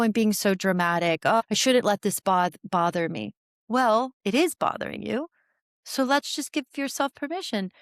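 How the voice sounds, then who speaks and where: Woman in her forties, therapist guest, mid-pitched voice, dry close sound, animated explaining. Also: dry recording. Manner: animated, explanatory, many restarts. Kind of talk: podcast interview conversation.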